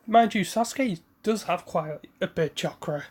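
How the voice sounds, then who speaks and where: A man's voice: high voice, normal speed, darkish tone, husky. A man casually retelling a fan story in a rambling, self-correcting way.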